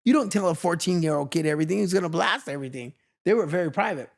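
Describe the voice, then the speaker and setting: A man in his fifties from Los Angeles sits as the guest in a relaxed interview and spins stories with lots of energy. His voice sits a little higher than most men's. He slips into the voices of the people in his tales as he goes. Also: rapid-fire, creaky. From Los Angeles, USA. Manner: lively, acts out other people's lines in his stories. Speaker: guest, veteran street dancer. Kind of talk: animated storytelling in a casual interview.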